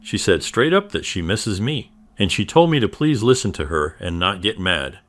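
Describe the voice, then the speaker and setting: A man narrating a first-person story in a steady, even reading style. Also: fairly low pitch, normal speed.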